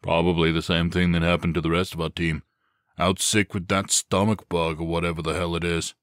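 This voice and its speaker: A man voicing a gruff, exasperated SWAT officer in an audiobook. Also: deep voice, level tone, brisk, dry recording, studio quality, close to an everyday voice. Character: blunt bald male SWAT officer.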